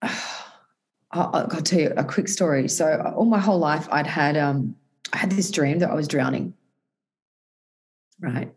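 Candid woman guest telling her story. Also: on the low side. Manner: earnest, many restarts and self-corrections. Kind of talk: personal storytelling in conversation.

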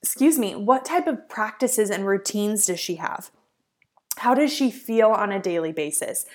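A woman's voice: medium pitch, animated, moderate pace. A young woman, a life coach, hosting a solo podcast in an earnest, encouraging way with plenty of "like" and "um" fillers.

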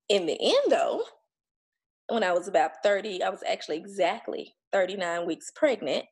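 Her voice is mid-pitched and slightly rough as this woman, a podcast guest, tells her birth story. She's casual, blunt and emphatic, swearing now and then and mimicking the things people said to her.

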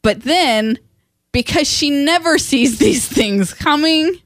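A woman co-hosting a casual book discussion at home, retelling scenes with quick quoted voices and frequent laughs. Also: sits high, lively intonation, dry recording, clean studio sound. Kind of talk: casual chat.

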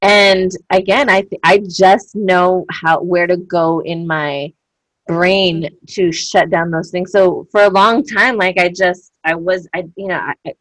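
A woman's voice: fairly low pitch, fairly even intonation, unhurried, fairly bright tone, no room sound, rough recording. A woman in her thirties chatting candidly, telling personal stories with lots of fillers and acted-out quotes. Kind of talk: casual chat.

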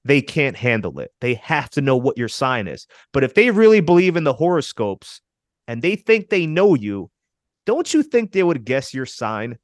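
A man's voice: mid-range voice, sing-song, moderate pace, no room sound, studio quality. Emphatic man coaching listeners on dating. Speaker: podcast co-host giving dating advice. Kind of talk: casual podcast chat.

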